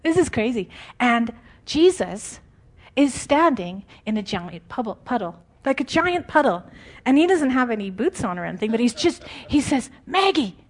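A woman preaching an informal, conversational sermon, animated and often laughing. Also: on the high side, normal speed.

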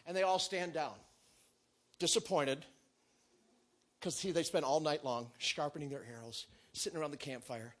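A man preaching a sermon, telling a story with great animation and acting out the characters, sometimes shouting and sometimes whispering. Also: fairly high pitch, normal speed, pauses often, slight background noise.

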